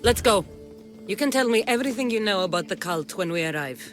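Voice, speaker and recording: A woman's voice: mid-range voice, expressive, brisk, lightly acted. A woman voicing a blunt mercenary warrior in a video game, speaking in a curt, businesslike, commanding way. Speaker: game protagonist. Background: game music.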